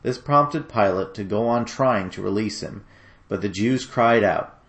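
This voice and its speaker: A man narrating a dramatic scripture reading in a steady, solemn storytelling manner. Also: lowish voice, a little slow.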